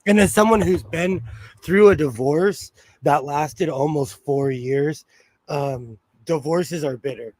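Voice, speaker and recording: A middle-aged man from Pennsylvania chats through a sewing livestream, greeting viewers by name and laughing easily. His voice sits a little high for a man and comes through slightly hoarse, as if he is feeling under the weather. The sound is dry and close. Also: slow pace, a little mellow, no room sound. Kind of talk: casual live-chat while sewing.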